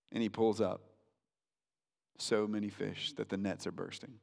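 A male pastor preaching a sermon in a conversational way, slowing down for emphasis and acting out quotes. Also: on the low side, flat delivery, creaky. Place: church sanctuary. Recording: reverberant church hall.

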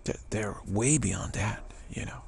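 A man's voice: on the low side, measured pace, creaky, a little mellow, a little hiss or hum. A man giving a rambling, emphatic spiritual talk as a teacher, often dropping into whispers. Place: Bay Area, California.

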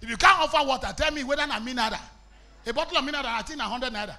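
A Nigerian man preaching a fiery sermon in a very high, piercing voice. He talks in a sharp, forceful tone and often breaks into shouts. Some Pidgin phrases are woven into his English. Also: racing. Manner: impassioned preaching, bursts into shouts, mixes in Pidgin. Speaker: evangelist.

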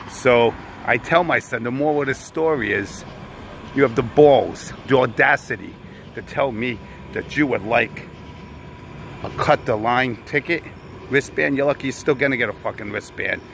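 A man's voice: medium pitch, normal speed, vocal fry, a bit bright, a little hiss or hum. A man telling a story in a blunt, profane, tough-guy manner. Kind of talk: casual storytelling.

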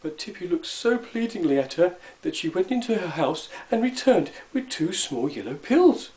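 A man reading a children's story aloud in an expressive, animated way. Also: high-pitched, normal speed, reverberant, low-quality recording.

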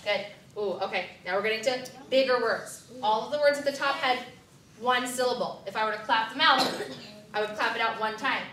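A woman teaching first graders to blend words, with clear, directive prompts and counting down. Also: fairly high pitch, a little fast, a bit bright. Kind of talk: classroom reading lesson. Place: classroom. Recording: echoey classroom from far off, children around.

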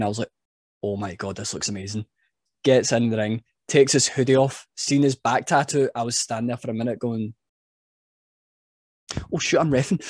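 A man's voice: mid-range voice, no room sound, clean studio sound. A man, a wrestling referee guest, telling stories in a casual chat and laughing at himself. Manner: animated storyteller, laughs at himself.

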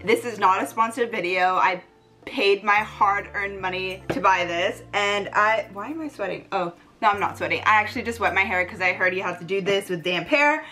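Young woman vlogger, excitable and gushing, bright voice, mid pitch. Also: moderate pace, soft background music. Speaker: beauty vlogger. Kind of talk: casual vlog chat.

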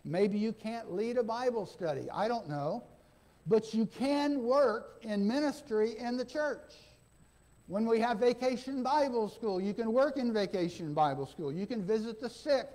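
A male pastor delivers a folksy sermon in a church, his voice sitting notably high for a man. He keeps checking in with the congregation and slips into the speakers he quotes to act out their lines. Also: expressive, measured pace, a little mellow. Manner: folksy, asks the congregation "okay?", acts out quoted dialogue. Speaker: interim pastor. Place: church sanctuary.

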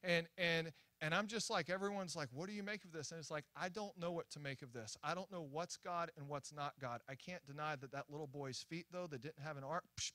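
A young man preaching at a church, telling a story in an animated, excitable way with many restarts and acted-out quotes. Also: on the high side, fairly quick, hardly any pauses, no echo. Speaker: guest preacher. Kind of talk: sermon storytelling. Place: church sanctuary.

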